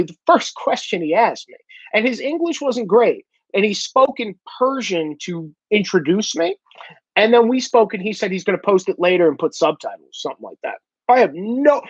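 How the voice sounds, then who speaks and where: A man's voice: high-pitched, no echo. A man with a thick New York–New Jersey accent, talking bluntly and profanely in a casual opinion monologue. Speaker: independent journalist, vlogger. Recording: dull lo-fi dry recording.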